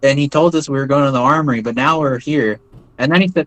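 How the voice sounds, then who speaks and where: A man of ordinary pitch recounts events in a loose, meandering way, stacking fillers and tossing in "right?" to check in with his listener. The sound is dry and close, with little room around the voice. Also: quick pace, dry recording, poor audio. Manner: rambling, many fillers and tag questions like "right?". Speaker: interview guest, former foreign volunteer fighter. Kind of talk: casual spoken storytelling.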